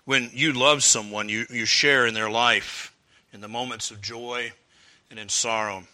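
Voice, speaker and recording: A man preaching a sermon earnestly, rising to fervent appeals and dropping low for quoted prayers. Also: fairly even intonation, measured pace, bright, forceful tone.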